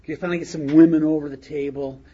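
A man voicing his old drinking buddy, a gruff and bossy middle-aged man who scolds and lectures. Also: fairly high pitch, fairly even intonation, fast, close to an everyday voice. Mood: scolding. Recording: dull lo-fi recording with faint hiss.

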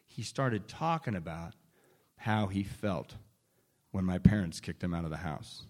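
A man's voice: low voice, expressive, measured pace. A man telling a candid personal recovery story in a wry, self-deprecating way, often restarting sentences and chuckling. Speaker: speaker sharing a recovery story.

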